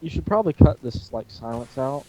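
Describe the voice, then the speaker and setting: A man with a hoarse throat co-hosting a casual chat between friends, joking, teasing and rambling. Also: mid-range voice, expressive, fairly quick, mellow, no echo, rough recording. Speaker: podcast co-host.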